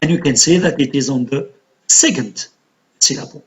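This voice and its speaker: A man teaching an English lesson on word stress, explaining slowly and counting syllables aloud. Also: mid-range voice. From Algeria.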